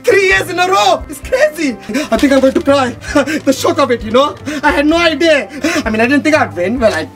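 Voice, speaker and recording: A man playing a loud, vain, bossy shop boss, shouting and scolding his staff in a comedy sketch. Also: very high voice, big pitch swings, fairly quick, hardly any pauses, exaggerated voice. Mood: gloating. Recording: music playing behind the voice.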